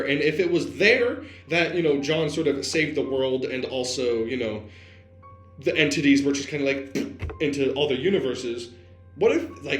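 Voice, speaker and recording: A man's voice: a little high, reverberant. A man co-hosting a podcast, thinking aloud in casual, rambling chat full of fillers. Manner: speculative, rambling with many fillers. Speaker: podcast co-host.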